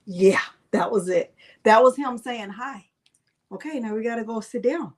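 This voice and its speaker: A high-pitched woman hosts a casual crafting livestream at normal speed. She's chatty and playful, greeting her viewers one by one.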